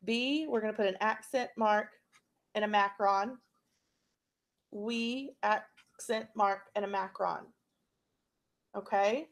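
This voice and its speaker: A woman teaching a phonics and spelling lesson to young students, patient and checking in often. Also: medium pitch. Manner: slow, patient, checks in with frequent "okay?".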